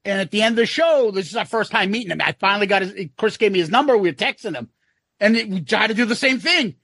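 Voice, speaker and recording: Excitable male podcast host, high bright voice, dry close sound. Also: fast, creaky, no echo. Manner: excitable, acts out quoted people. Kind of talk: casual podcast chat.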